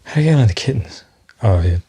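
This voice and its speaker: Male podcast host, low dark voice, rambling and foul-mouthed, solo monologue. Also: lively intonation, quick pace, slightly rough. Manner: rambling, profane, sidetracked, with many fillers.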